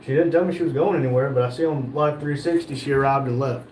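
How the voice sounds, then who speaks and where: A man's voice: medium pitch, fast, a little mellow, a little hiss or hum. A man from North Carolina, hosting a casual livestream and reading viewer comments aloud with joking replies. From North Carolina, USA. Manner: reads viewer comments aloud and jokes back. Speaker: livestream host reading chat. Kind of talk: casual live chat.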